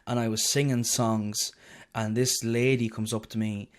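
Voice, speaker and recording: Measured and flat, this lowish voice belongs to a young man from Ireland guesting as a singer in a casual interview. He's a loose, chatty storyteller who swears and jokes at his own expense.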